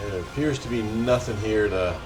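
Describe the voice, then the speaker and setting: A man with a fairly low voice speaks at a normal pace while hosting a let's play, casually reading the game's text aloud and adding his own asides. The room echoes noticeably, and faint music plays in the background.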